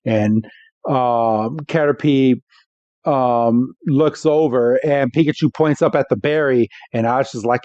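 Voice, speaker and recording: Man, podcast co-host, casual recap, relaxed filler-heavy talk, dry and slightly muffled sound. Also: mid-range voice, unhurried, no room sound. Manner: relaxed storytelling with frequent fillers.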